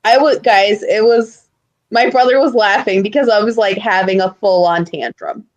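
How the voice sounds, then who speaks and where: A young woman co-hosting a podcast, telling stories in an animated way with loud outbursts and lots of swearing. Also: mid-range voice, normal speed, lo-fi sound. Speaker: podcast co-host. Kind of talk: casual chat.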